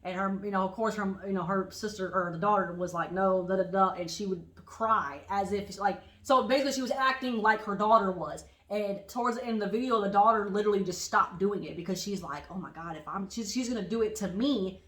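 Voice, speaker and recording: A woman co-hosting a casual podcast chat, telling animated stories and acting out what people said. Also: medium pitch, a little fast, hardly any pauses, echoey room, poor audio. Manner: animated storytelling, acts out quotes. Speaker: podcast co-host.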